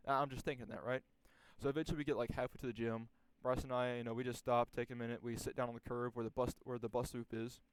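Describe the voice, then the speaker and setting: A man's voice: medium pitch, little pitch movement, fast, few pauses, slight background noise. A young man casually telling a story from his school days, rambling and profane, with many restarts and fillers.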